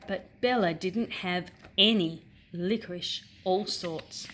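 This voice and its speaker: A woman reading a picture book aloud to young children, slow, clear and teacherly, pausing to clap syllables and ask questions. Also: on the low side, fairly bright tone, a little hiss or hum. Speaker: storyteller for children.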